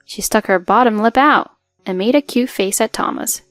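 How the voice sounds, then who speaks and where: A woman's voice: mid-range voice, moderate pace, vocal fry, a bit bright, dry recording, clean studio sound, soft background music. A woman in her twenties narrating a scripted first-person story in an earnest, hurt way. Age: 20s.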